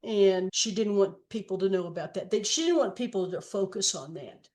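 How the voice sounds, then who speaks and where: A woman in her seventies, a guest author telling stories slowly and reflectively in a podcast interview. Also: medium pitch, darkish tone. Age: 70s. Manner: slow, reflective storytelling with long read-aloud quotes. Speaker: guest, author and trail hiker.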